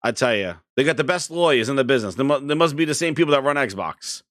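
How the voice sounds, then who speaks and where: Man, gaming streamer, casual live chat, rambling and excitable, very lively pitch, dry close sound. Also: fast talker, dry recording.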